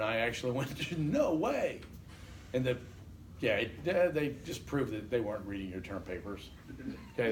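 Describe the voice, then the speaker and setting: A man teaching a college class, animated and joking, often checking in with the room. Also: mid-range voice, a little hiss or hum. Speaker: college instructor. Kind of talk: classroom lecture.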